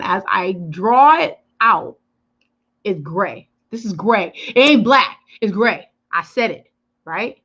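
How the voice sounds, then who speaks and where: A chatty woman hosts a live makeup tutorial, talking straight to her viewers with an animated, emphatic manner. Her voice is bright and forceful. The livestream audio is dull and lo-fi. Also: mid-range voice. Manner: chatty, addresses viewers directly, answers comments. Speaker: beauty influencer.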